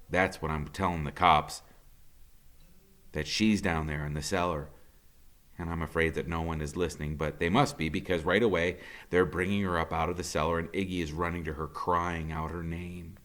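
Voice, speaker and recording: A man, a teacher, reading a novel aloud with dramatic storytelling that rises with the action. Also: deep voice. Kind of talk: novel read-aloud narration.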